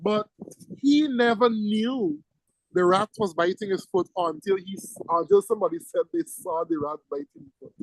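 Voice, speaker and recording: High-voiced doctor teaching. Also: male voice, steady tone, a little fast, few pauses, dry recording, poor audio. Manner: emphatic, repeats key words, checks in with "right?". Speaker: medical lecturer. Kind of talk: exam-prep lecture to students.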